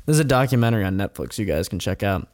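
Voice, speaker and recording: A man's voice: fairly low pitch, sing-song, racing, a little mellow, no echo, clean studio sound. A man telling a true story in casual chat as host, rambling with chuckles and blunt asides.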